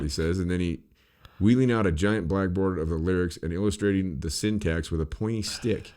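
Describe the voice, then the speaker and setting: A man co-hosting a podcast, chatting casually in a loud, profane, ranting way and mocking other people's voices. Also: low-pitched, brisk, hardly any pauses. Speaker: podcast co-host. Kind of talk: casual chat.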